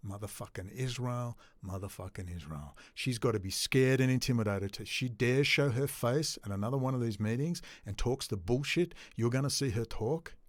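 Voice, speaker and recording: A man's voice: mid-range voice, no room sound. A man in an unscripted, angry, profane rant to camera. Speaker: video blogger.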